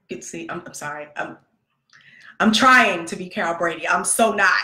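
Woman host, lower voice, animated storyteller who plays the voices, roomy echo. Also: normal speed. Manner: animated, conversational, acts out quoted dialogue. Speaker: podcast host, mother. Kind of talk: casual storytelling monologue.

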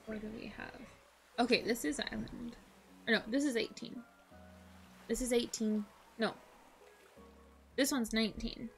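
High-voiced, gushing young woman gamer. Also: steady tone, a little slow, creaky, long pauses. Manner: bubbly, gushing, squealing with delight. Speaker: gaming channel host. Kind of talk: casual let's-play commentary. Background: game music.

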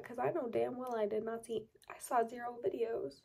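Husky, gravelly young woman vlogger. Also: a little high, steady tone, moderate pace, hardly any pauses, warm tone. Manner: rambling, self-mocking, with sudden whispered asides. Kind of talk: casual chat to camera.

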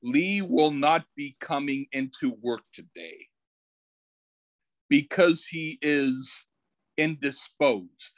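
A man voicing a stiff, formal father calling his son in sick, speaking slowly and deliberately. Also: on the high side, lively intonation, no echo.

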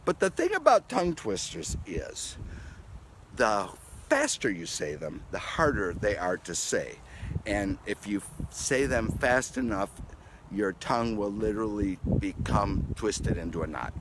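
A man who is a pastor, giving a playful, animated children's message outdoors in his garden at home. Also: lowish voice, a little slow, background noise. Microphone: handheld camera.

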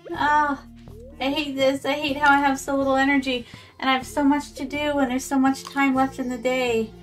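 A woman's voice: high voice, little pitch movement, moderate pace, faint music behind. A woman streaming a farming game, chatting casually with her viewers, calling them her darlings and dropping in Japanese words. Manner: chatty, talks to chat as "my darlings". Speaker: VTuber streamer. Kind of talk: casual gameplay commentary.

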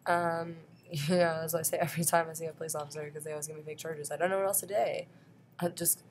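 Low, flat-voiced woman rambling to camera. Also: rapid-fire, a little hiss or hum. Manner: rambling, laughs often between phrases. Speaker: vlogger.

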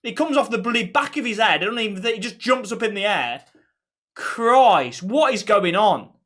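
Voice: mid-range voice, lively intonation, moderate pace, fairly bright tone. Agitated fan in disbelief. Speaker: football fan streamer. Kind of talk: live watchalong reaction.

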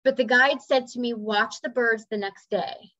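A woman's voice: on the high side, steady tone, normal speed, sharp tone, no room sound. A woman sharing a personal story in a casual, earnest talk, now and then acting out voices and bird sounds. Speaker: spiritual speaker. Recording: slightly dull dry recording.

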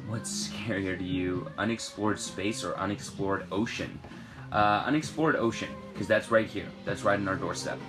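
A young man from Britain, an actor, reading fan questions aloud from his trailer and answering in a relaxed, rambling way. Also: lowish voice, moderate pace, music in the background. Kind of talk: casual live-stream Q&A. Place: trailer on a film set.

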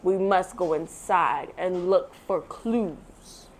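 A woman voicing a big, gruff father bear in a storybook read-aloud, booming and slow. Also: a little hiss or hum. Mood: cautious.

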